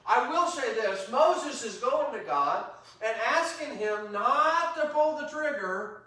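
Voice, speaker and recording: A man preaching an interactive Bible teaching sermon, animated and quick to act out God's anger. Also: extremely high pitch. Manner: animated, acts out God's angry voice, rising to shouts. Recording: roomy echo, voice from a distance.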